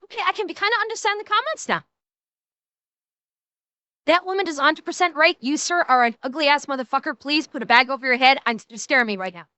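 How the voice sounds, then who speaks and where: A woman's voice: high-pitched, expressive, fast, sharp tone, no echo. A young woman streaming a reaction to a video, ranting in a profane, exasperated way.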